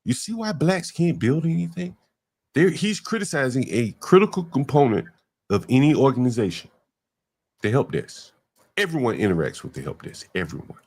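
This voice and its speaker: A man's voice: medium pitch, sing-song, moderate pace, a little mellow. A man hosting a casual livestream chat, talking emphatically and repeating words to stress his point. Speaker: livestream host.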